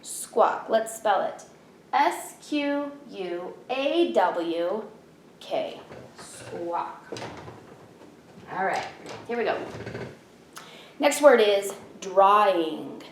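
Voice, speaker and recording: A woman's voice: medium pitch, big pitch swings, very slow, pauses often, reverberant, slight background noise. A woman teacher in her thirties giving a spelling lesson from home, patiently sounding out each letter.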